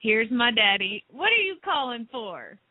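A woman with a Southern American accent co-hosting a call-in radio show in a chatty, giggly way. Her voice is high. The sound is dry and narrow, like a phone line. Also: very animated, measured pace, husky, no echo. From Southern United States. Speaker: radio co-host. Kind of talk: casual radio chat.

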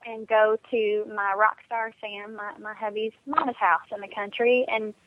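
A woman co-hosting a casual chat, talking quickly in a bubbly, effusive way over a phone line. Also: mid-range voice, steady tone, slight background noise.

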